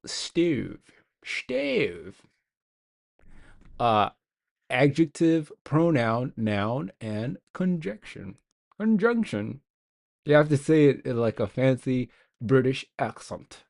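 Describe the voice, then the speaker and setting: A man's voice: mid-range voice, creaky, a little mellow. A young man streaming live as a game developer, rambling and joking at himself while he codes. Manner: rambling, self-mocking, talks to himself while coding. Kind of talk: casual live-stream coding chat.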